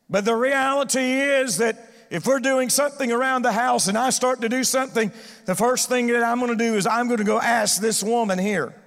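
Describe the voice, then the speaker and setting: A man's voice: extremely high pitch, fairly bright tone, big-room sound. A male pastor preaching a sermon, calling on the congregation to answer back and repeat his words. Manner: preaching with call-and-response to the congregation. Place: church sanctuary.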